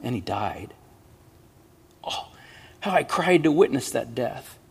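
Male storyteller, gravelly, measured and expressive delivery, hall reverb. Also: medium pitch, a little hiss or hum. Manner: measured, expressive, hushed at sad moments. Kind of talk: dramatic story reading.

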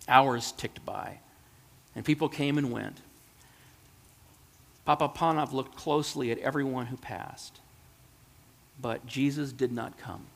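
Earnest male storyteller; gravelly, recorded in a reverberant hall. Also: mid-range voice. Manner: earnest, emotional. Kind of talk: reading a children's story aloud, then reflecting.

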